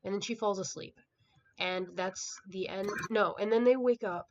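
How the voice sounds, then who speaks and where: Going over a book's plot in a casual vlog, a woman rambles with lots of filler words, her tone exasperated and dismissive. She talks at a moderate pace with medium pitch, in a dull, lo-fi home recording that has a faint hiss.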